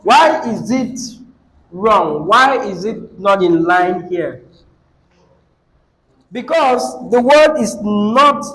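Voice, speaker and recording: Slow, high-voiced teacher lecturing. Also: male voice, fairly bright tone, low-quality recording. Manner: questions the class often, repeats key words. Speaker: English teacher. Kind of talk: classroom lecture.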